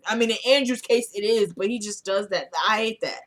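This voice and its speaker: A woman's voice: fairly high pitch, brisk, few pauses. A woman casually recapping a TV drama episode, retelling the scenes in quoted dialogue and adding her own blunt opinions.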